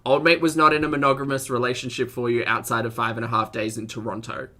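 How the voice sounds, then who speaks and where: A man's voice: medium pitch, level tone, fast talker, bright, forceful tone. A man doing live-stream reaction commentary, chatty, laughing often and greeting viewers in chat.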